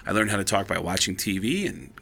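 A man who is a stand-up comedian, telling stories in an animated, casual way as a guest. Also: low voice, gravelly, husky. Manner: animated, quick shifts into voices. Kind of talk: casual storytelling chat.

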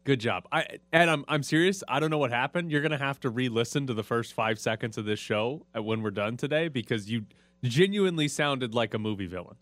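A man's voice: mid-range voice, a little fast, no echo. A man hosting a sports radio show, talking casually and running through statistics with animation. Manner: animated, laughing, stats-heavy.

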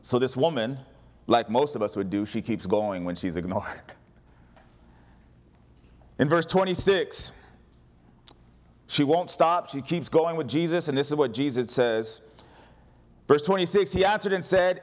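Guy preaching a sermon, jokey and animated, keeps getting the crowd to answer back. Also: medium pitch, measured pace, long pauses. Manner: animated preaching with humor and call-and-response. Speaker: pastor.

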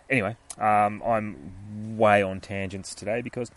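A man's voice: on the low side, fairly even intonation, unhurried, hardly any pauses, crowd noise. A man in his thirties hosts a podcast, rambling and swearing casually while reviewing a comic book. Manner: rambling and sweary, with many fillers. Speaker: podcast host.

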